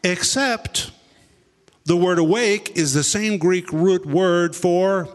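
A man's voice: slow, a little mellow. Male preacher in an echoing hall. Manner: dramatic storytelling, acting out quotes with big swings in pitch and pace. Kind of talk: sermon.

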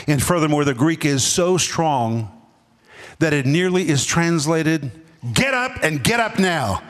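A man's voice: a little high, fairly bright tone, in a large hall. A man preaching a sermon as pastor, emphatic, repeating words and dropping his voice for effect. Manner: preaching with sudden drops and emphatic repetition. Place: church.

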